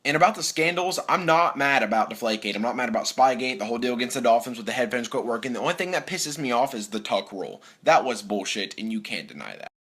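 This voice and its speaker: A young man giving a profane, animated rant as a sports fan vlogger, mimicking players in between. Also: mid-range voice, fast talker, few pauses. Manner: animated, swearing, mimics players in quoted voices.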